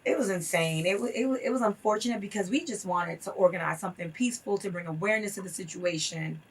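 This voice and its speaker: A woman's voice: mid-range voice, fast, far from the mic, slight background noise. A woman guest in a casual interview, talking emphatically and telling stories with acted-out quotes.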